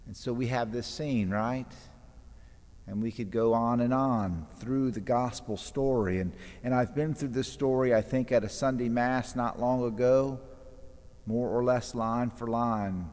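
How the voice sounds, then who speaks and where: A priest delivers a homily in a church, dramatically retelling the gospel story and acting out the voices and scripture quotes within it. His voice is medium-pitched, slightly slow, and a little mellow, carried by long church reverb.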